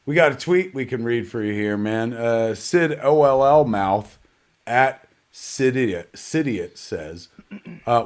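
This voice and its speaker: A man's voice: mid-range voice, lively intonation, takes it slowly. A man hosting a live online premiere in a casual, rambling way, joking about himself and cursing now and then. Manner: rambling, joking, self-mocking, salty language. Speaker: host of a live digital premiere.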